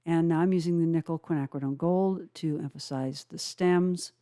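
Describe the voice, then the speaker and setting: A woman with a low, mellow voice talks through a watercolor tutorial at an unhurried pace. She explains each brushstroke step by step and often pauses with "uh" while she works. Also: steady tone. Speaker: watercolor instructor. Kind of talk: calm painting tutorial narration.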